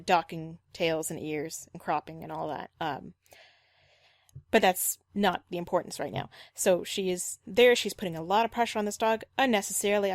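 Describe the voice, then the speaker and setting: A woman's voice: medium pitch, dry recording. Dry-voiced woman dog trainer critiquing firmly. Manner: critical and explanatory, repeats points firmly. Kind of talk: reaction video commentary.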